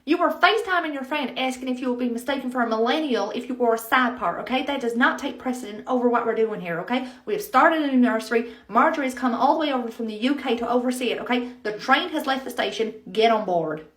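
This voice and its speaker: Woman putting on a drawling Southern boss lady, brash and loud, echoey room. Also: sits high, fairly quick. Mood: scolding. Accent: Southern American. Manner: loud, drawling, bossy and brassy. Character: brash Southern American woman nursery manager.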